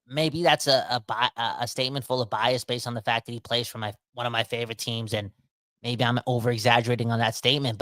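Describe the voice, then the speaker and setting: A man hosting a casual sports podcast, talking in a rambling, animated way that keeps interrupting itself. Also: medium pitch, no room sound. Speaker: podcast host.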